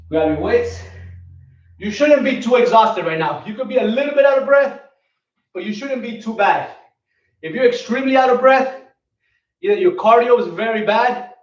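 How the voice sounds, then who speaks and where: A man coaching a home workout, counting his reps aloud as he exercises, recorded from a distance in a room at home. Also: high voice. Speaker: fitness coach. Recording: echoey distant lo-fi home video.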